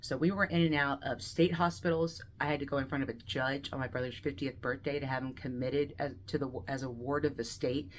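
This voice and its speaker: A woman of around forty on a video call, telling a deeply personal story and acting out the voices in it, moving between laughter and quiet grief. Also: steady tone, fairly quick, few pauses, slight background noise. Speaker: guest speaker sharing a personal story.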